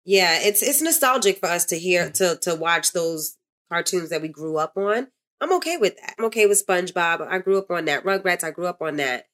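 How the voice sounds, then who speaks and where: Female podcast panelist, bright tone, easygoing and reflective. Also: on the low side, lively intonation, a little fast. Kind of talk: casual chat.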